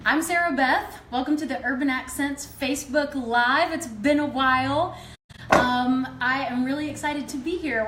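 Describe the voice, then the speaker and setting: A woman's voice: on the high side, a bit bright, slight background noise. A young woman hosting a live cooking demonstration in a home kitchen, upbeat and chatty with frequent ums. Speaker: cooking demo host. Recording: roomy kitchen echo, faint ambience.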